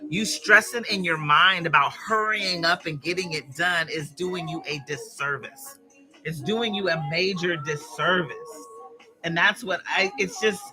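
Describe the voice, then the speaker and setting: A woman hosting a live stream, chatting and encouraging her viewers in a casual motivational way while she arranges flowers. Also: fairly low pitch.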